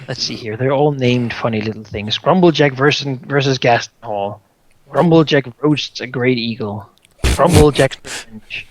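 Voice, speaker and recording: A man's voice: mid-range voice, moderate pace, a little hiss or hum, low-quality recording. A man acting as game master, reading prepared scenes to his players with frequent restarts. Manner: storytelling with many restarts and "uh".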